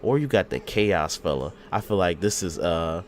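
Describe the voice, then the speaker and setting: A man's voice: deep voice, lively intonation, moderate pace. A man hosting a casual gaming podcast, telling stories in a laid-back, slangy way. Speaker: podcast host.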